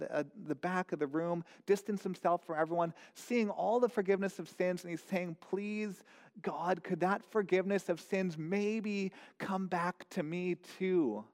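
A man's voice: a little high, darkish tone, big-room sound. A man preaching a sermon in an earnest, questioning way, often repeating his words as he goes. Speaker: pastor.

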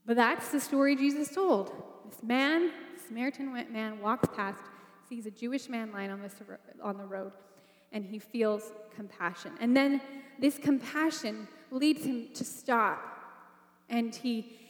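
A woman with a high voice preaches a sermon slightly slowly, telling the story in a relaxed, conversational manner and drawing listeners in with frequent rhetorical questions. The recording is echoey, her voice ringing through a large hall with long reverb.

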